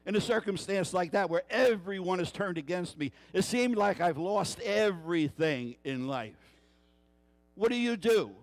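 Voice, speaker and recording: Guest pastor, male, fairly high voice, storytelling sermon with rhetorical questions. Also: expressive, moderate pace. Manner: storytelling, acting out quoted voices.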